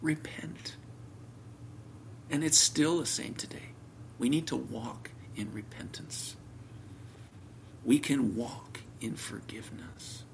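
A man preaching a sermon, telling a homely story, his voice swinging from loud emphasis down to near whispers. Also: medium pitch, takes it slowly, creaky.

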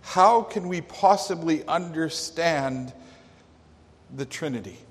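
Male pastor, sermon, dramatic storytelling, emphatic pauses, long hall reverb. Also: on the high side, slight background noise.

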